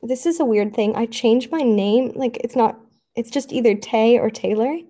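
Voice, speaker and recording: A woman's voice: a little high, moderate pace, warm tone. A young woman in casual conversation, chatty, laughing often and filling her talk with "like". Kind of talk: casual chat.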